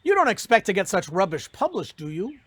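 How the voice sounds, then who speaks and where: Brief: speaker voices a mocking male wolf, lively pitch. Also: brisk, slightly rough, no echo. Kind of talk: joke told in a speech.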